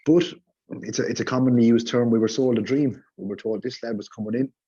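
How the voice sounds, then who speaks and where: A man's voice: medium pitch, steady tone, a little fast, mellow, slightly rough, muffled recording. A man giving a heated, sarcastic rant in a casual podcast chat. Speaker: podcast guest.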